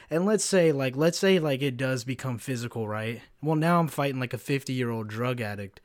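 A man in his twenties hosting a casual solo podcast, tired after a work shift, venting about his job in profane, animated storytelling. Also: mid-range voice, normal speed, hardly any pauses, no room sound, clean studio sound. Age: 20s. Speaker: podcast host.

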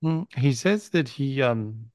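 A man's voice: medium pitch, expressive, takes it slowly, a little mellow, no room sound, studio quality. A man hosting a live video call, giving chatty, reassuring psychic readings and often repeating himself. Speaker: psychic host.

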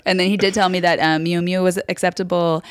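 A woman's voice: on the low side, flat delivery, quick pace, dry recording, studio quality. A woman from Southern California co-hosting a podcast, chatting casually and telling stories with plenty of fillers. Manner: chatty, storytelling, many fillers. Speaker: podcast co-host. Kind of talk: casual chat.

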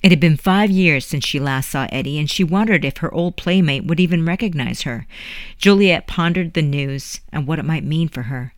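An audiobook narrator reading a historical story in a measured, dramatic way. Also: medium pitch, no room sound, clean studio sound. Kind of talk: scripted narration.

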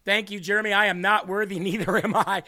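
A man's voice: high-pitched, steady tone, fast talker, bright, forceful tone. A man hosting a faith podcast, reading viewer comments aloud in an earnest, emotional way and tearing up. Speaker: podcast host.

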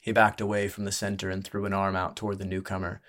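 A man narrating a fantasy story in a measured, hushed, dramatic manner. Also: deep voice, completely flat delivery.

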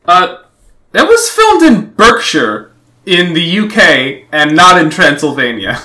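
A podcast co-host making quick, wry comments during a comedic reading. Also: mid-range voice, big pitch swings, sharp tone. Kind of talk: casual comedic chat.

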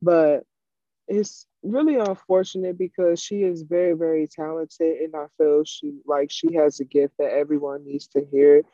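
A chatty man with a fairly high, mellow voice, pausing to search for his words in a casual chat. The audio is muffled and lo-fi. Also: fairly even intonation, no room sound.

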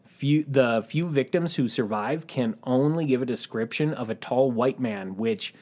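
A man with a mid-range voice reads out a true crime story for a podcast. His narration is dry and even, with the odd deadpan aside. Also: medium pitch, unhurried. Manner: dry, matter-of-fact narration with wry asides. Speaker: podcast host.

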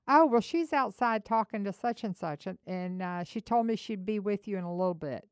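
A middle-aged woman co-hosting a faith-based talk, telling an animated story and acting out both sides of a phone call. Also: fairly high pitch, normal speed, smooth, no echo, studio quality. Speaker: co-host.

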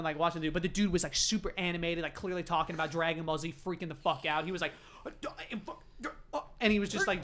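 A man's voice: on the high side, sharp tone. A man in casual podcast chat who agrees eagerly and swears freely as he tells his own stories. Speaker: podcast co-host.

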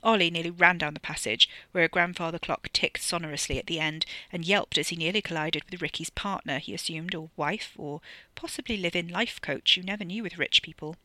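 An author reading their own novella aloud in brisk, wry audiobook narration. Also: mid-range voice, bright, forceful tone, no echo.

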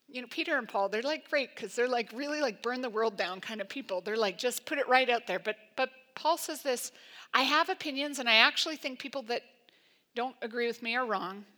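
A woman pastor preaching a sermon in an emphatic, conversational way, full of "like" and quick asides. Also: fairly high pitch, pushed and bright.

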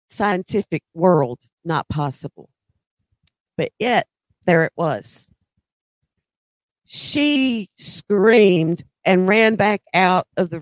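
A woman telling personal paranormal stories in a slow, deliberate way, with dramatic pauses. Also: lowish voice, no room sound. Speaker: storyteller.

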